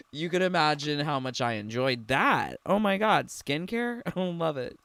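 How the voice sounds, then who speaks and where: With a fairly high pitch and lively intonation, a young man delivers measured, sarcastic reaction commentary on a game trailer. He's casual and giggly, filling his talk with "like."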